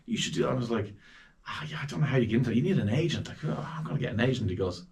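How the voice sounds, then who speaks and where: A man's voice: medium pitch, rapid-fire, vocal fry. An Irish man in his forties telling stories as a guest in a casual chat, bringing quoted people to life. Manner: lively anecdotes with quoted voices.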